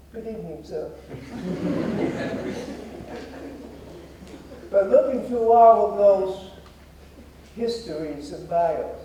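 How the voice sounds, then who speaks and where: A man's voice: high-pitched, mellow, slight background noise. A man in his nineties gives an earnest, formal speech to an audience as guest speaker in a theater. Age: 90s. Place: theater auditorium. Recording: very echoey hall, voice heard from a distance.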